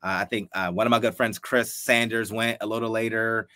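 A man in his fifties from Ohio, a guest telling animated stories in a casual interview and acting out the dialogue. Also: on the low side, fairly quick, no room sound, clean studio sound. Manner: animated storyteller who acts out quoted dialogue. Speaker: guest, former football player.

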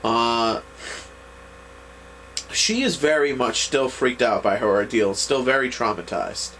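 A man's voice: mid-range voice, lively intonation, slow pace, a bit bright, slight background noise. A man giving a casual, rambling recap of an anime episode, full of restarts and fillers. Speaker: anime reviewer.

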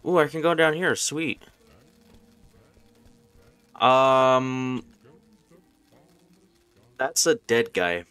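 A man's voice: medium pitch, expressive, very slow, long pauses, fairly bright tone, smooth, no room sound. Jumpy young man playing a horror game. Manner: jumpy, swearing, nervous chatter. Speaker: gaming YouTuber. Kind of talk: horror game let's play commentary.

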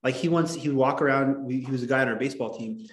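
A man's voice: medium pitch, fast talker, roomy sound. A man lecturing as a history teacher, rambling and digressive with lots of filler words. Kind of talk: classroom lecture. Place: classroom.

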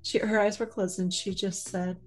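A woman's voice: medium pitch, level tone, moderate pace, soft background music. A woman hosting a podcast, giving supportive replies and then telling her own family story in a chatty way. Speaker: podcast host. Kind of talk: casual interview chat.

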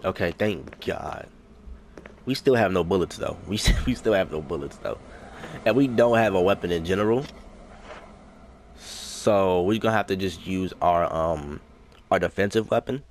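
A young man with a low, deep voice talks his way through a horror game, muttering to himself and repeating his lines. A faint hiss of noise sits under the recording. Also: moderate pace, pauses often. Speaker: gaming YouTuber. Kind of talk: let's play commentary.

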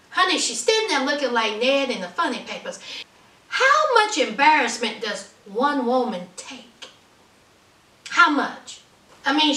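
A woman's voice: a little high, reverberant, far from the mic. A woman giving a sassy, mocking, casual comedic recap of a reality show. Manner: sassy, animated, mocking asides. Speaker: TV recap vlogger.

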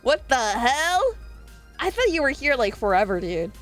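Animated high-voiced woman streamer. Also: unhurried, soft background music. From Southern US. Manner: animated, swearing, reading chat aloud. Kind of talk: casual live-stream chat.

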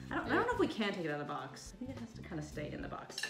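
A woman's voice: mid-range voice, wildly swooping pitch, rapid-fire, gravelly, reverberant, music in the background. A woman hosting a casual food review vlog, chatty and joking, teasing herself as she tastes. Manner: chatty, joking, self-deprecating.

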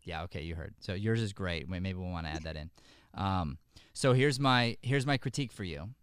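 A male acting teacher talks a student through notes on a video call. His voice is smooth and resonant, heard close and dry with no room sound, and he coaches with friendly restarts. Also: sits low, animated, brisk, dry recording. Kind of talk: giving feedback on a video call.

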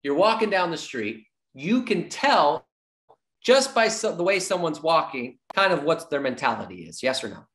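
A man giving an energetic sales training talk, repeating his key points like a coach and acting out little dialogues with clients. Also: a little high, normal speed. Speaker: real estate sales trainer.

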